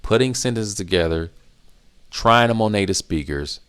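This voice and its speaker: A man's voice: lowish voice, normal speed, clean tone. A middle-aged man hosting a casual question-and-answer video, giving emphatic advice that he repeats for stress. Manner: emphatic, repetitive, animated when acting out reactions. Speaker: language-learning channel host.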